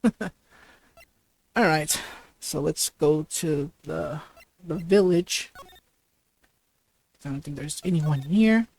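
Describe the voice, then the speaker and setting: A woman's voice: low-pitched, slow, gravelly, pauses often, a little mellow, breathy edge. A woman giving casual game commentary, hesitant with fillers and restarts. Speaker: let's play host.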